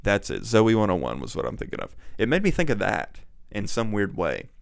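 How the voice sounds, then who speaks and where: A man's voice: on the low side, huge pitch swings, a little fast, vocal fry, no echo. A young man casually reviewing and ranking movies, chatty and rambling, often going off on tangents.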